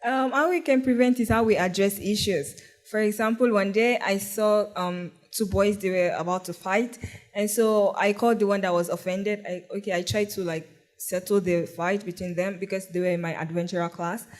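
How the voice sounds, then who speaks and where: A man with an unusually high voice shares his view on a discussion panel. He is earnest and a little hesitant, stopping for fillers as he works through his example. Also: fairly even intonation, normal speed. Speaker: panelist, teacher.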